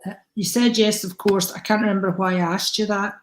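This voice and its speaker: A woman's voice: medium pitch, fairly even intonation, a little fast, a little hiss or hum. Woman, psychic card reader, chatty, affectionate, echoey room. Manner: chatty, affectionate, addresses viewers by name. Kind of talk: live-stream card reading.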